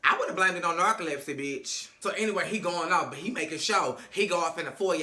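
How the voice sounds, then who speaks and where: Brief: high-voiced sassy male vlogger cursing through gossip, in a roomy echo. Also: fast talker, few pauses, pushed and bright. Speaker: reality TV recap vlogger. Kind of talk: casual commentary. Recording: echoey room.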